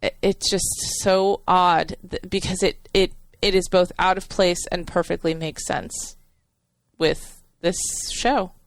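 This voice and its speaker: A woman co-hosting a podcast, warmly retelling a TV episode in a rambling way with many fillers and restarts. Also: fairly low pitch, fairly even intonation, slow pace, no room sound. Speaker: podcast co-host. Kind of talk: casual chat.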